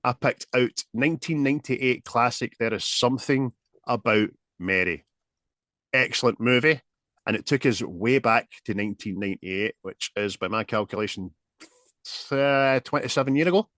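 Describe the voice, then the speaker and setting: A Glaswegian man hosts a movie podcast, joking with his co-host in loose, sweary banter. His voice sits in a middle pitch and is recorded close and dry, with no room around it. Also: moderate pace, fairly bright tone, no echo. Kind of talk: casual chat.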